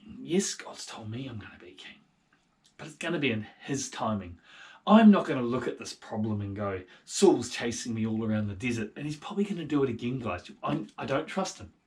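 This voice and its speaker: A man voicing an earnest young hero, loud and insistent. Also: mid-range voice, lively intonation, brisk, distant mic, lightly acted.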